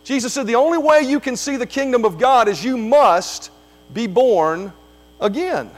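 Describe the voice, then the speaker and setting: A man's voice: very high voice, lively intonation, fairly quick, soft background music. A man preaching a sermon as pastor, emphatic, repeating key phrases, with frequent fillers.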